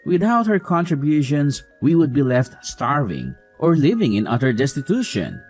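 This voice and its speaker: A man's voice: fairly high pitch, very animated, normal speed, darkish tone. Man playing a dismissive husband. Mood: indignant. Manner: dismissive, mocking. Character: dismissive mocking young husband. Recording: faint music behind.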